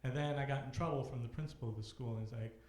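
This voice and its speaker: A man's voice: mid-range voice, steady tone, very fast, a little mellow. A young man hosting a live comedy show, telling a rambling, self-deprecating story between acts and acting out kids' voices on a handheld mic. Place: comedy club stage, live audience. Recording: roomy club echo.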